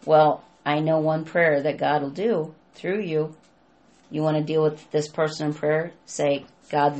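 Low-voiced older woman, rambling gently. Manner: warm, rambling, restarts sentences. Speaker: co-host. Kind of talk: casual conversation about faith.

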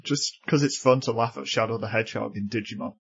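Male co-host, husky and mid-pitched, wry chatty reviewer, lo-fi mic. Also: quick pace, a bit bright. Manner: wry, chatty, laughs often. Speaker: podcast co-host. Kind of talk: casual episode review chat. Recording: dull lo-fi podcast audio.

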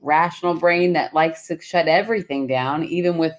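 A woman co-hosting a podcast, chatting casually and telling a listener's story with lively, laughing delivery. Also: normal speed. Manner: animated storytelling, laughs often, jumps high when acting out quotes. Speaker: podcast co-host.

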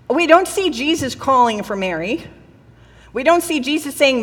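High-voiced woman preaching in a hall. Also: expressive, fairly quick, fairly bright tone. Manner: conversational, acts out quoted voices. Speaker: pastor. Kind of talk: sermon. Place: church hall.

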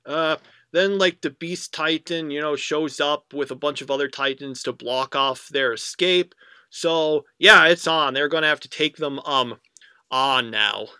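A man's voice: on the high side, unhurried, sharp tone, smooth, dry recording. A young man co-hosting a casual podcast, recapping an episode in a rambling way with many fillers. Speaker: podcast co-host. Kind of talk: casual anime review chat.

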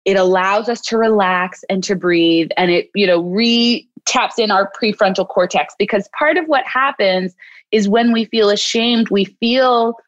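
A woman clinical psychologist, a guest in an interview, speaking gently and reassuringly. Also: mid-range voice, a little slow, dry recording, lo-fi sound. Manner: gentle, reassuring, acts out soothing self-talk. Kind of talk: interview conversation.

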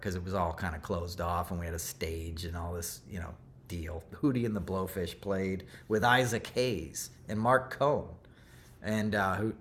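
A man's voice: deep voice, a bit bright, a little hiss or hum. A middle-aged man hosting a podcast, telling a story in a loose, rambling way with plenty of asides and self-corrections. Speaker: podcast host. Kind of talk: casual storytelling monologue.

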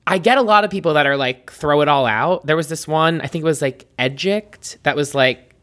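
A man's voice: on the high side, brisk, a bit bright. A man co-hosting a casual chat podcast, rambling with lots of ums and likes. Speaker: podcast co-host.

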